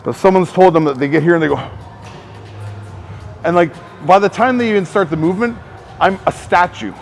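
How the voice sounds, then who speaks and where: A man's voice: high-pitched, brisk, vocal fry, soft background music. A man working as a personal trainer, rambling through casual coaching talk to the camera, swearing and filling gaps with "like". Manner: rambling, profane, filler-heavy.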